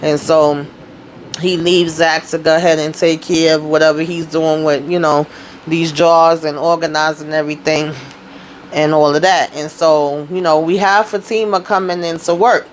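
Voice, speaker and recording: Woman, casual show-recap host, blunt and animated, faint room noise. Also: sits low, normal speed. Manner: animated, quotes characters in character voices, slangy and blunt.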